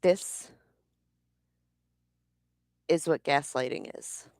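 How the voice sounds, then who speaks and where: Blunt, profane woman vlogger, low voice. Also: very slow, a little mellow, dry recording, studio quality. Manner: blunt, profane, heated retelling. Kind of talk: personal storytelling vlog.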